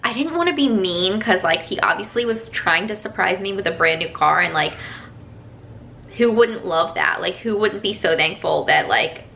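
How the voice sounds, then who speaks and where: A woman's voice: mid-range voice, lively intonation, normal speed, gravelly, sharp tone, a little hiss or hum. A woman telling a personal story to her viewers in a casual, rambling vlog, full of "like" fillers. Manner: chatty, rambling, lots of "like" fillers. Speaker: vlogger.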